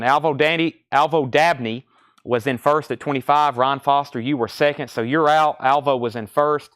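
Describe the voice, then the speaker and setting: A man hosting a live-streamed record sale, briskly listing titles and prices and taking bids in a casual selling patter. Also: mid-range voice, a bit bright, no room sound, clean studio sound. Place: record shop.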